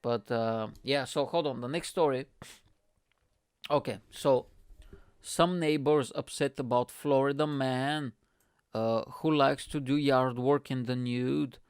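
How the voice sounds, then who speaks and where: A young man hosting his own podcast, chatting in a rambling, profane, animated way. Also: mid-range voice, slow, clean tone, no room sound, studio quality. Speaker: podcast host. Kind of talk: casual solo podcast rant.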